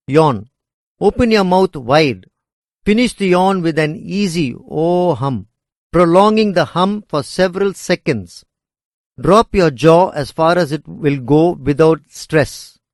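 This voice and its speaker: A man reading educational course material aloud in a measured, deliberate way. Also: a little high, a little mellow, dry recording, studio quality. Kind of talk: scripted educational narration.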